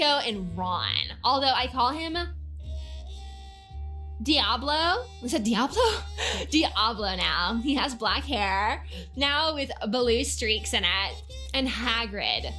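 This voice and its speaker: A young woman with a high, bright voice reads a text aloud for laughs. She keeps a slow, mock-dramatic pace and breaks off with giggly, swearing asides. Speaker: reader. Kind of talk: comedic dramatic reading.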